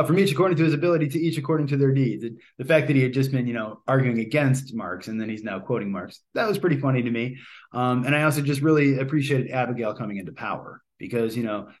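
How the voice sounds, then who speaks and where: A man talks through a film he watched in an easy, unscripted way. He rambles, hesitates with frequent ums and uhs, and often restarts his sentences. His voice sits at an ordinary middle pitch. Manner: rambling, many fillers and restarts. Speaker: movie reviewer. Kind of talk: casual spoken movie review.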